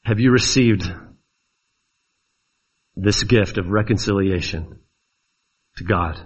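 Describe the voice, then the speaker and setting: A man's voice: lowish voice, slow pace, slightly rough. Earnest preacher man, lo-fi sermon. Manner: earnest, pleading questions to listeners.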